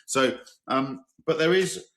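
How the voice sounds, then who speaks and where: A middle-aged English man hosting a car podcast in a relaxed, chatty way, telling enthusiastic anecdotes. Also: medium pitch, slow pace. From England. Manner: chatty, enthusiastic, tells anecdotes, exaggerated quoted voices. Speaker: podcast host. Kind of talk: casual chat.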